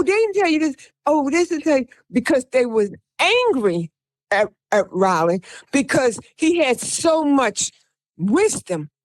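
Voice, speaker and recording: A woman's voice: high-pitched, no echo. A woman hosting a radio show, telling a rambling first-person story, urging her listeners on and acting out the voices of people she quotes. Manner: exhorting listeners, repeating "come on, people". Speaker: radio show host and self-styled prophetess.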